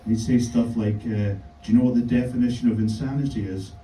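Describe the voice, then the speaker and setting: A man delivers a stand-up set in a flat, deadpan manner, stumbling through fillers and restarts. His voice sits at an ordinary middle pitch. The room is echoey and he sounds a little distant from the mic. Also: brisk, slight background noise. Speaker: stand-up comedian. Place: comedy club stage.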